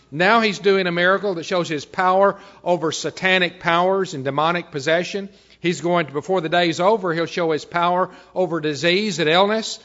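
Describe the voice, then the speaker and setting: A pastor preaching, slightly higher voice. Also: male voice, a bit bright. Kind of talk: sermon with Bible reading. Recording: dull, slightly lo-fi recording.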